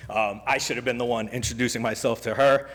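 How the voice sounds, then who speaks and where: A man's voice: mid-range voice, fairly even intonation, a bit bright. Man, public commenter, rambling and jokey, lots of fillers, echoing chamber sound. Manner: rambling, joking, halting with many fillers. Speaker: public commenter at a council meeting. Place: council chamber. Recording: reverberant council chamber.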